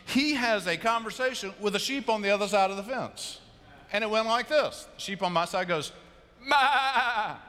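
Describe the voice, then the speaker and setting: A man's voice: high-pitched, brisk. A man preaching a sermon as pastor, telling stories and acting out quotes with humor. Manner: storytelling, animated, acts out quotes and sheep bleats. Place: large church sanctuary. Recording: long church reverb.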